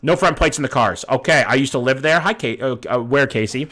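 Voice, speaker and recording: This man in his thirties, streaming from Vancouver, Canada, gives live commentary as he guesses locations, chatting with viewers and swearing casually. His medium-pitched, slightly bright voice runs a little fast.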